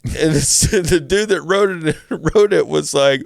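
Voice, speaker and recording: A man hosting a podcast, recapping a movie in animated, casual chat with swearing. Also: fairly high pitch, unhurried, creaky, no room sound, studio quality. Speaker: podcast host.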